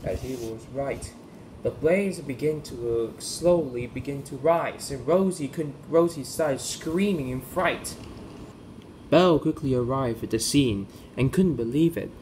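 A man narrating a home-made toy-train story, halting and restarting often as he reads. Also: mid-range voice, a little mellow, slight background noise. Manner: halting, frequent restarts and stumbles. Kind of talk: amateur storytelling.

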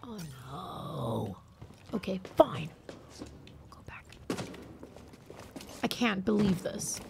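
A woman live-streaming a video game, chatting excitedly and reading out viewer messages. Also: mid-range voice, slow, vocal fry, noisy background. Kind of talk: live gameplay stream chat.

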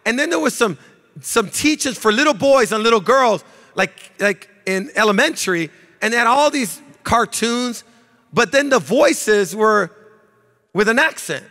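A man preaching a sermon as pastor, with repetition and shouted, sing-song emphasis. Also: very high voice, animated, a little slow. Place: church sanctuary. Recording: long reverb of a church hall.

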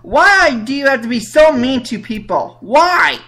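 A woman hosts a casual talk show, exclaiming in indignation and reading listener comments aloud. She speaks slowly, and her voice is bright and pitched a little high. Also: very animated. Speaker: podcast host.

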